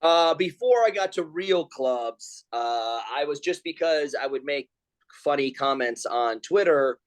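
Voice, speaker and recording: A man's voice: a little high, a little slow. A man in his forties telling stories as a guest over a video call, acting out other people's lines in raised voices. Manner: animated storyteller acting out quotes in raised voices. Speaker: pro wrestler and comedian guest.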